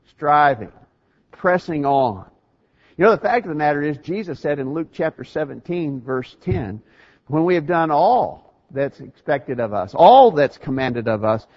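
A man's voice: a little high, dull audio. A man preaching a sermon in an earnest, emphatic way, often restarting his phrases.

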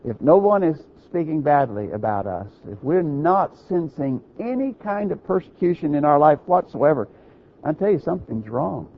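A man's voice: fairly high pitch, big pitch swings, normal speed, lo-fi sound, a little hiss or hum. A man preaching a sermon, teaching earnestly, quoting scripture and checking in with his listeners.

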